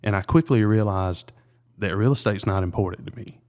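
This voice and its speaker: A man in his thirties, a realtor being interviewed, telling a personal story in an earnest, halting way with many fillers and restarts. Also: on the low side, darkish tone. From South Carolina.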